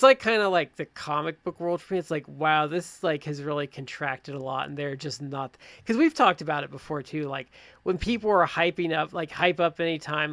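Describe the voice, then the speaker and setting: A man with a slightly high, gravelly voice chats on a podcast as a co-host. He gives his opinions in quick, animated, rambling bursts. The recording is close and dry. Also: dry recording. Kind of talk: casual chat.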